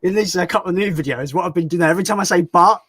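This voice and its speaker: A man hosting a casual livestream chat, talkative and quick to laugh. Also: sits high, fairly bright tone, breathy edge, dry recording. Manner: chatty, laughs often. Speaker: YouTube channel host.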